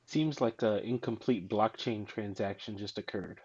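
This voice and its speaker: A man's voice: lowish voice, moderate pace, darkish tone, breathy edge, muffled recording. A man quipping dryly as a player at a tabletop game. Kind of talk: joking table chat.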